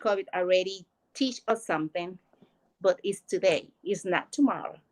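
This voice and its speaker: A woman's voice: fairly low pitch, normal speed, rough recording. A woman, telling a heartfelt personal story about work and family. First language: Spanish. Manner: earnest, emotional storytelling. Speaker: guest. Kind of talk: personal testimony.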